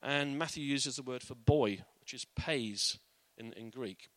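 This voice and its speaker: A man's voice: mid-range voice, unhurried, a bit bright, dry recording. A man giving an informal, earnest Bible teaching in a conversational way.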